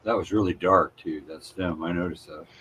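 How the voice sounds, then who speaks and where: A man chatting casually on a live stream, relaxed and easily impressed. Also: low-pitched, normal speed, breathy edge.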